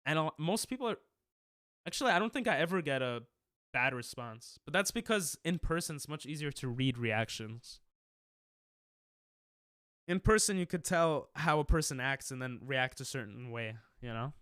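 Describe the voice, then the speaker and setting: A man's voice: a little high, animated, moderate pace, fairly bright tone, smooth, no echo, clean studio sound. A male streamer in casual chat with his viewers, defensive and laughing, rambling with restarts.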